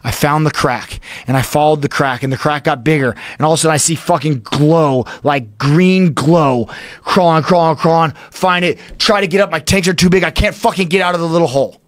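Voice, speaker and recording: A man's voice: on the high side, fairly quick, no room sound. Male podcast guest, intense profane storyteller, dry mic sound. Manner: profane, breathless retelling of a panic.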